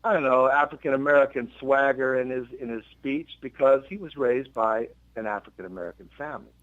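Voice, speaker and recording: A man, a musician and guest, telling a long personal story in a casual interview, jumping in pitch as he acts out others' lines and often restarting his sentences. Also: a little fast, no echo. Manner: animated storyteller acting out quotes with sudden pitch jumps and many restarts. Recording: dull lo-fi dry radio recording.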